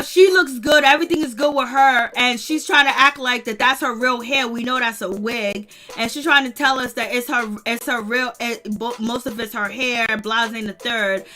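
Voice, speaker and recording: Woman host, high and bright, chatty recap commentary, laughs a lot, faint music behind. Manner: animated, chatty, laughs often, addresses viewers and chat. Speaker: host of a reality-show recap channel. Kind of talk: casual commentary.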